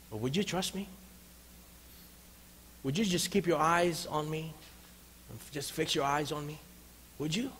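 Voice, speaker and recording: A man voicing a gentle but firm fatherly divine figure who speaks softly and reassuringly. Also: high-pitched, long reverb tail, slight background noise. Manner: soft, slow and reassuring.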